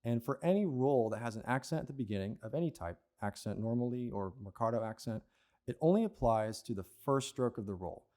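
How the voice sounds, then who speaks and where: A young man with a mellow, relaxed tone gives a patient, step-by-step percussion lesson. He often checks in with the listener with a quick "okay?" or "right?". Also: mid-range voice. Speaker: percussion teacher. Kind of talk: instructional lesson.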